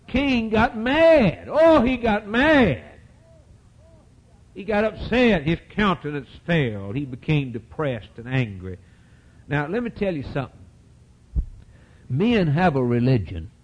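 A man preaching an impassioned sermon, with a folksy, repetitive cadence, surging to loud peaks and dropping to low, quiet asides. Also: lo-fi sound.

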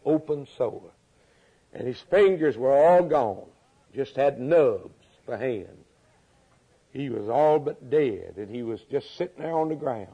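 An older man preaching a sermon as pastor, moving from loud, high preaching to quiet storytelling. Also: slightly rough. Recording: dull lo-fi recording.

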